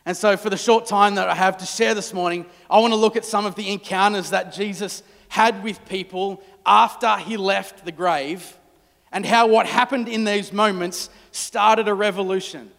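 A man preaching a storytelling sermon, dramatic, dropping to hushed tones at key moments. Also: sits high, fairly even intonation, moderate pace, gravelly, big-room sound. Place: church.

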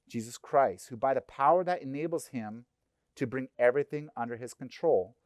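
A middle-aged man preaching a sermon in a conversational, animated way, acting out little voices. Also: mid-range voice, dry recording, studio quality. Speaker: pastor. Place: church.

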